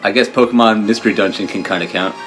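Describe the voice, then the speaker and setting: Low-voiced man cracking dry jokes. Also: fast, poor audio. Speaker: let's play co-host. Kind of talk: casual chat while playing a video game. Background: game music.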